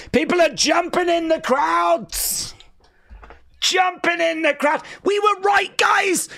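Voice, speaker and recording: Young Aussie streamer, high bright voice, unhurried chat between cheers. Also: male voice, vocal fry. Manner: screams and cheers, reads chat aloud. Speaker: live stream host. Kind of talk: excited wrestling watch-along.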